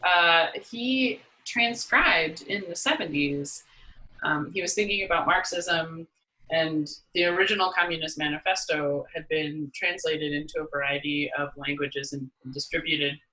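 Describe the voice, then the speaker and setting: A woman's voice: low-pitched, unhurried, sharp tone, rough recording. A young woman, a poet and musician, chatting thoughtfully as an interview guest, rambling a little and laughing between restarts. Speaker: poet and horn player, guest. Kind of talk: casual interview conversation.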